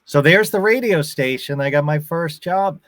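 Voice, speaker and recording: A man's voice: on the high side, moderate pace, fairly bright tone. A man in his fifties from the Boston area, with a faint Boston accent, chatting as a guest and acting out quoted voices in his stories. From Boston area, USA. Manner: storytelling, acts out quoted voices. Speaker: actor and guest. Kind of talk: casual interview chat.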